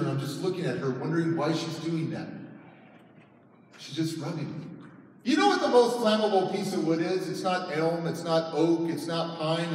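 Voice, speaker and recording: A man's voice: fairly high pitch, far from the mic, slight background noise. A man giving a motivational talk at a conference, telling a personal story dramatically and acting out the lines of others. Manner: dramatic storyteller, acting out quotes, shouting at peaks. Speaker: motivational speaker. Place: large conference hall. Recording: echoey hall, mic heard from afar.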